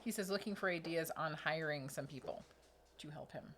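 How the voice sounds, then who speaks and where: A woman's voice: brisk, a bit bright. A sleepy, chatty woman co-hosting a live tool show, reading viewer super chats and thanking donors playfully. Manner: chatty, sings playful high dings for donations. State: sleepy, yawning. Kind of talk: casual live-stream chat.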